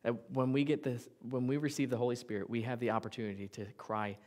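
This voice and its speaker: A man's voice: mid-range voice, quick pace, darkish tone. A male pastor preaching a sermon in a conversational, jokey way, often acting out what people say. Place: church sanctuary.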